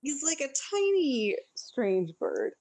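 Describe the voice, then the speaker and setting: A woman chatting casually as a podcast co-host, recapping a movie scene by scene in a lively, filler-filled way. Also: high-pitched, slow pace, no room sound, low-quality recording. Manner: chatty, animated, lots of fillers.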